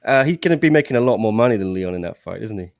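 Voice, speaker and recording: A man's voice: lowish voice, lively intonation, very fast, gravelly, no echo, studio quality. A man co-hosting a casual sports chat, wry and offhand. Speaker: co-host.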